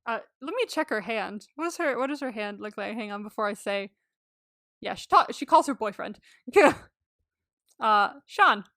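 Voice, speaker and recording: A woman's voice: fairly high pitch, moderate pace, dry recording, clean studio sound. A woman co-hosting a podcast, chatting casually and animatedly, laughing often and acting out lines as she recaps. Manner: animated and giggly, acting out quotes; swears freely. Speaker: podcast co-host. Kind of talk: casual chat recapping a movie.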